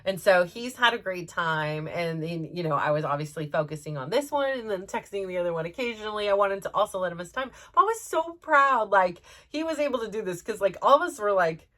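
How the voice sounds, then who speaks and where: A middle-aged woman, a mother and podcast host, telling a story in a casual, animated, rambling way with lots of fillers and restarts. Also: mid-range voice, a little fast, few pauses.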